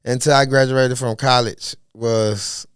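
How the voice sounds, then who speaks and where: Man, podcast guest, smooth clear voice, dry close sound, animated slangy talk. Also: medium pitch, measured pace, no room sound. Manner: animated, streetwise slang, asks "you know what I mean". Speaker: podcast guest, golf caddie. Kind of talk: casual interview talk.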